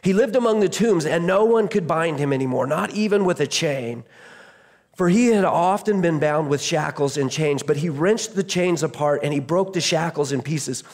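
A man's voice: a little high, normal speed. A man preaching a sermon as pastor, retelling a scripture story in a conversational way, often restarting his phrases.

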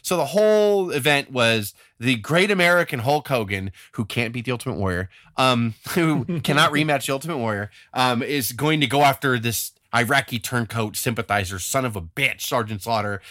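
A podcast co-host with a mid-range voice speaks at a moderate pace with few pauses, telling a story casually and acting out the quotes with animation. The sound is clean studio audio, no room sound.

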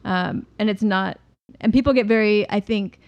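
A woman chatting in an easy, unscripted conversation, direct and plainspoken, her thoughts winding through frequent "like" fillers. Her voice sits at an ordinary middle pitch for a woman. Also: normal speed, muffled recording. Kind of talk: casual conversation.

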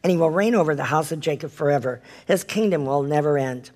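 Bible study leader reading verses then preaching, earnest, asks the group questions, trips over words and fixes them, mid-pitched voice. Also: quick pace, few pauses, a little mellow. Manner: stumbles and corrects self while reading aloud. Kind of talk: live Bible study teaching with scripture reading.

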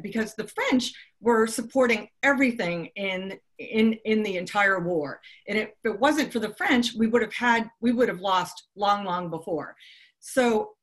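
A woman's voice: medium pitch, fairly bright tone. Woman from Boston, live storytelling talk, chatty, hesitant, lots of ums. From Boston, United States. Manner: conversational, with frequent ums and restarts. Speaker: speaker telling a history story.

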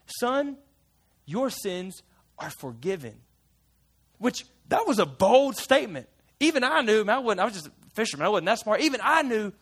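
A man's voice: high-pitched, a bit bright, slightly rough, exaggerated voice. A man in character as a fisherman disciple, retelling a story to a church group in a chatty, playful way with side remarks. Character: folksy fisherman disciple retelling his memories.

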